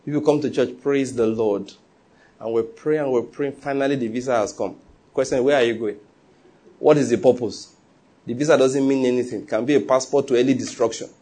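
A middle-aged man preaching a sermon, telling stories with animated quoted voices and frequent laughs. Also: mid-range voice, fairly quick, breathy edge. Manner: animated storytelling, laughs often, acts out quotes. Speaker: pastor.

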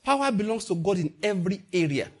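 A man's voice: high voice, expressive, quick pace. A man preaching a sermon to his congregation, acting out little dialogues and laughing along the way. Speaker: pastor.

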